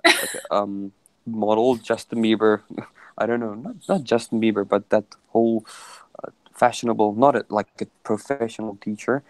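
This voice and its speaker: A man's voice: on the low side, moderate pace, no room sound, poor audio. A man chatting casually on a video call, telling a long story with many restarts. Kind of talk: casual chat.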